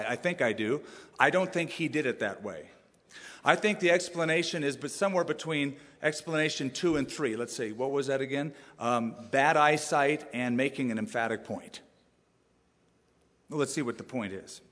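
Emphatic male pastor preaching in a hall. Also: a little high. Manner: animated, emphatic preaching with rhetorical questions. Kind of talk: sermon.

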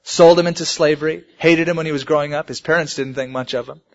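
A man's voice: a little high, steady tone, fast. A man preaching a sermon, telling stories and rising emphatically on the key points. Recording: muffled lo-fi sermon recording.

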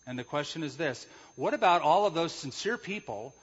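A man's voice: on the high side, lively intonation, normal speed, husky. A male pastor preaching an emphatic sermon, explaining Greek words and posing rhetorical questions. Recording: echoey hall, dull lo-fi sound.

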